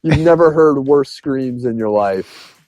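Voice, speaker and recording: A man's voice: mid-range voice, measured pace, a little mellow, no echo, muffled recording. A man co-hosting a podcast, chatting casually about a movie and acting out its lines with laughs. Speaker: podcast co-host. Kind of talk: casual film review chat.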